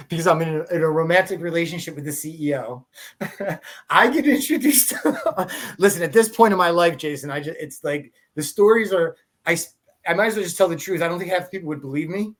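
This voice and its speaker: A man's voice: on the high side, animated, brisk. A man hosting a podcast in a slightly raised voice. He tells stories casually and rambles, breaking off and restarting his sentences and laughing along the way. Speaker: podcast host. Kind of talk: casual conversational storytelling.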